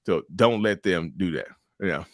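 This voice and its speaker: Interview guest: middle-aged man from North Carolina, very low voice, animated casual delivery, dry recording. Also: normal speed, no room sound. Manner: animated, laughs often, acts out quotes.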